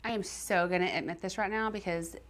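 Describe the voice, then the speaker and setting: A woman's voice: lowish voice, steady tone, brisk, fairly bright tone. A middle-aged woman hosting a live chat, candid and self-deprecating about her own life. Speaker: host. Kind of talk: casual chat.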